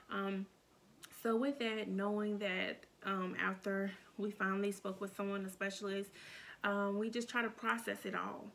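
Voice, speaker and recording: A young woman telling a painful personal story in a halting, emotional way, with many restarts and fillers. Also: medium pitch, vocal fry, fairly bright tone, a little hiss or hum. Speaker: storytime vlogger.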